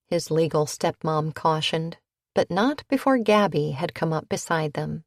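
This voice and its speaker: A woman's voice: sits low, normal speed, no echo, clean studio sound. A woman reading a cozy mystery audiobook as narrator, lightly voicing the characters. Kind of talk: scripted narration.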